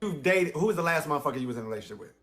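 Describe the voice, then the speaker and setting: A man co-hosting a casual chat, loud, hyped and profane. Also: on the high side, expressive, very fast. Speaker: co-host.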